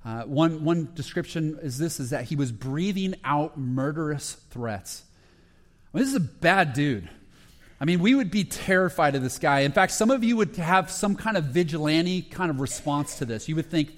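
Storytelling pastor in a reverberant hall. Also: male voice, on the high side, normal speed. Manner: storytelling, animated retelling with quoted voices. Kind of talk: sermon. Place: church sanctuary.

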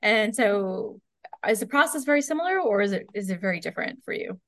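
A woman's voice: mid-range voice, lively intonation, brisk, a bit bright. A woman hosting a podcast interview, asking short questions and giving brief listening responses. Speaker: podcast host.

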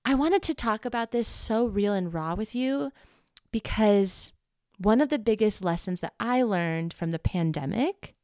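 A woman's voice: mid-range voice, animated, unhurried, a little mellow, no room sound, studio quality. A young woman hosting a podcast, talking casually and animatedly to her listeners, often laughing and swearing lightly. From United States. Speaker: podcast host. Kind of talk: casual personal monologue to listeners.

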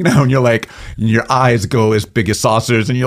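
A man's voice: medium pitch, brisk, hardly any pauses. A middle-aged man from New England, a guest telling jokey stories in a casual interview and acting out little voices. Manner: jokey storyteller, acts out voices with big jumps. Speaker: interview guest, business owner.

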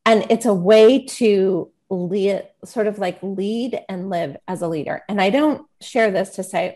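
A middle-aged woman co-hosting a faith talk show, telling a personal story in an earnest, relaxed way with plenty of "like" and "um". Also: mid-range voice, measured pace, few pauses. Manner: earnest and relaxed, with filler words like 'like' and 'um'. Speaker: podcast co-host sharing a faith story. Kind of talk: casual conversational storytelling.

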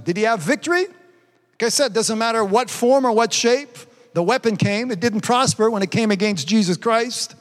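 An older man preaching a fervent sermon as pastor, constantly punctuating his points with "amen" and "praise God.". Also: very high voice. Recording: long reverb in a large hall.

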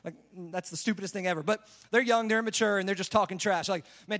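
A man's voice: high voice, fast talker, hardly any pauses, fairly bright tone. A young man preaching a sermon in a casual, conversational way, often saying "like" as he retells a Bible story. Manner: conversational, says "like" a lot.

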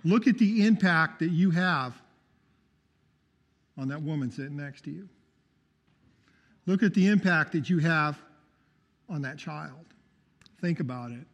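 Fervent high-voiced man preaching in a reverberant hall. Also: expressive, unhurried, pauses often, a bit bright, lo-fi sound. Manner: fervent, calls out for amens. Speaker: testimony speaker. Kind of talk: preaching testimony.

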